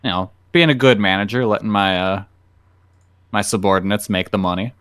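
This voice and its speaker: A man's voice: on the low side, fairly quick, fairly bright tone, clear, resonant tone, no room sound, clean studio sound. A man hosting a casual podcast chat, rambling through a joking story and acting out the people in it. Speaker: podcast host.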